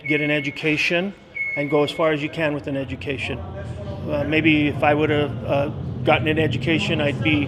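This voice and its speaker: A school custodian in his sixties, talking earnestly in an interview with many pauses and fillers. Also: fairly high pitch, background noise. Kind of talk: interview storytelling.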